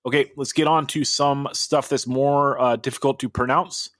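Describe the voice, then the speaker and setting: Casual, swearing hardcore podcast host. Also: male voice, medium pitch, steady tone, moderate pace, fairly bright tone, no room sound, clean studio sound. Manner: loose and profane, heavy on filler words. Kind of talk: casual chat.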